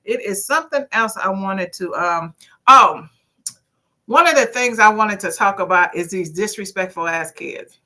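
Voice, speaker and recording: A woman in her 50s hosts a casual livestream talk show, reading out viewer comments in an outspoken, preachy way. She is lively and swears, speaking at a moderate pace in a medium-pitched voice.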